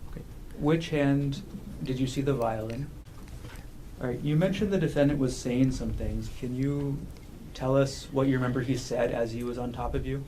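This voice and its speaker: A man questioning a witness in a courtroom, asking measured, formal questions. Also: mid-range voice, noisy background. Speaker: prosecutor.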